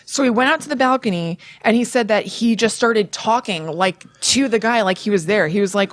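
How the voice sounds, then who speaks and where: A young woman co-hosting a casual podcast, retelling a story with constant "like" fillers. Her voice sits at an ordinary middle pitch, and the recording is dry and close with no room sound. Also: a little fast, few pauses, no echo. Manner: chatty, filler-heavy retelling with frequent "like". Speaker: podcast co-host.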